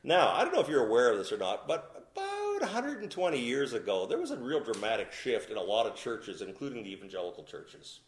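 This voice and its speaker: A man preaching a sermon as pastor, swinging from loud emphatic peaks to low quiet asides, in what sounds like a church. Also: huge pitch swings, brisk, hardly any pauses. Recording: echoey room.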